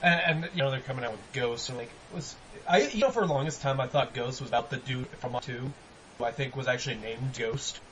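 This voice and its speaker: A man's voice: medium pitch, a little fast, rough recording. A man hosting a casual podcast chat, rambling and swearing freely. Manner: rambling, profane, animated. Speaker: podcast host.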